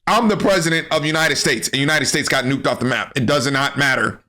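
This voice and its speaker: A man giving a comedic, profane anime recap, animated and full of slang. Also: medium pitch, fairly quick. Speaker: anime commentary creator.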